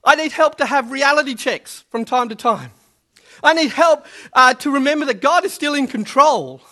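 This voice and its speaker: A man's voice: extremely high pitch, animated, normal speed, bright, forceful tone. A man preaching a sermon, praying and then telling a story, repeating key words for emphasis. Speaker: pastor. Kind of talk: sermon with opening prayer.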